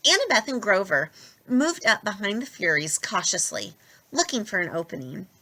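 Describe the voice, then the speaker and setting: A young adult woman reading a novel aloud with expressive, lively narration. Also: mid-range voice, moderate pace. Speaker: storybook reader.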